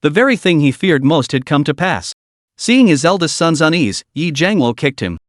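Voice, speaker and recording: Male recap narrator, steady scripted storytelling, lively intonation, fairly high pitch. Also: normal speed, dry recording, studio quality.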